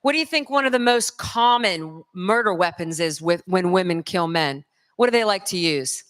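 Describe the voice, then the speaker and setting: A woman from North Carolina with a Southern accent, giving a lively conference lecture straight to the audience. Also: fairly low pitch, normal speed. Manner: lively, addresses the crowd directly. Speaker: conference speaker. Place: large conference hall. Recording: long hall reverb.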